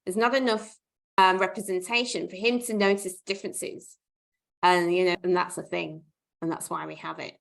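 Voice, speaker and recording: A woman hosts a casual podcast conversation, reflecting aloud and hedging her points as she works through them. Her mid-pitched voice has a gravelly edge. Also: fairly even intonation, normal speed, fairly bright tone. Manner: reflective, thinks aloud with hedges. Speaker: podcast host.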